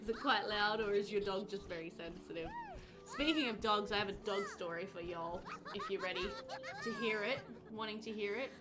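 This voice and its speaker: A woman streaming a game live, chatting with her viewers, reading their comments aloud and reacting with bright exclamations. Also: mid-range voice, moderate pace. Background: game music.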